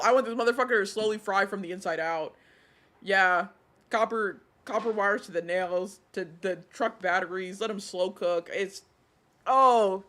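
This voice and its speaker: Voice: medium pitch, normal speed, fairly bright tone. A streamer giving casual commentary while reading chat screenshots aloud, stammering through restarts and ranting with heavy swearing. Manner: outraged, vengeful rants.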